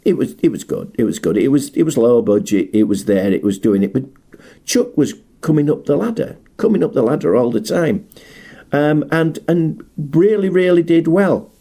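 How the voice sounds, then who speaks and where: A man's voice: on the high side, lively intonation, moderate pace, vocal fry, dark tone. A middle-aged man presenting a film tribute in a chatty, enthusiastic, rambling monologue. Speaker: martial arts film specialist presenting a tribute. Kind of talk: casual spoken monologue.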